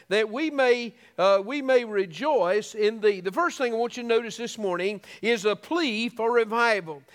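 High-voiced preaching man in a reverberant church. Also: a bit bright. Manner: earnest preaching with repeated restarts. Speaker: pastor. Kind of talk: sermon.

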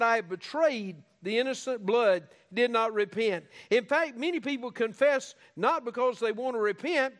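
A man preaching an earnest sermon, with folksy asides and restarts. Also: very high voice.

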